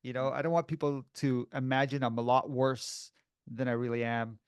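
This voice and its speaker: A man tells a story on a podcast, mid-pitched and lively, laughing as he goes and slipping into other people's voices. He is close to the mic in a dry room with no echo. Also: normal speed, smooth. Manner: animated, laughs often, acts out voices in his stories. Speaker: podcast co-host. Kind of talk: casual storytelling chat.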